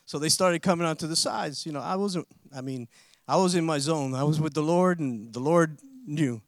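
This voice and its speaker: A man with a high voice preaches a sermon, telling a story in an animated way that climbs into forceful proclamations. The sound is close and dry, with almost no room echo. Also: normal speed.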